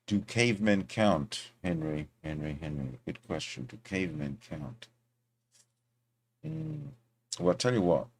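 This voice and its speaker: Man, streaming host with a lowish voice, loose rambling delivery, many fillers and restarts, talking into a desktop mic. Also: lively intonation, measured pace, creaky, a little mellow. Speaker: livestream host. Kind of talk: casual rambling monologue.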